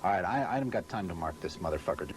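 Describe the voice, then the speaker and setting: Man, swearing nonstop, exasperated, fumbling lines on a film set, lively up-and-down voice, loud hiss on the tape. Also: sits low, very fast. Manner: cursing constantly, exasperated, forgetting his lines. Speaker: on-camera presenter of an industrial film. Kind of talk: blown takes and outtakes on a film shoot. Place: hot studio set beside a car under bright lights.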